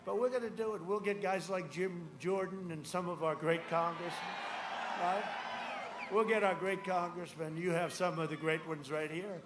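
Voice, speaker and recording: A man in his seventies giving a rambling campaign rally speech, swinging between shouted lines and muttered asides. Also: sits high, fairly even intonation, moderate pace. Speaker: political speaker at a rally. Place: large outdoor rally. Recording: echoey outdoor rally with crowd noise.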